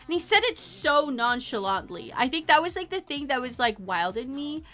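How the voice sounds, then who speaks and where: Young woman streamer, high bright voice, rambling animated chat, faint music behind. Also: normal speed. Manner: animated, rambling storytelling with frequent laughs. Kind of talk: casual livestream chat.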